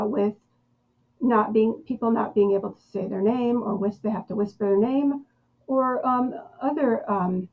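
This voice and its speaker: A woman hosting a podcast talks in an unhurried, deliberate way, often pausing to find her words. Her voice sits a little high, and the audio is somewhat dull and lo-fi. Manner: slow, thoughtful, with many pauses and fillers. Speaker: podcast host. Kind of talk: conversational podcast interview.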